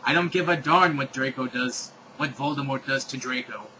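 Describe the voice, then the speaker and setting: A man's voice: medium pitch, normal speed, sharp tone, a little hiss or hum, close to an everyday voice, low-quality recording. A man reading aloud and voicing a mean, cranky old headmaster who sneers. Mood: sneering.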